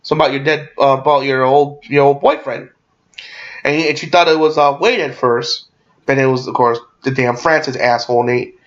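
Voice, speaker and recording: A young man rambling through a casual movie recap, excitable and swearing freely, with lots of fillers and restarts. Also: medium pitch, a little fast, dull audio. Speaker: movie reviewer.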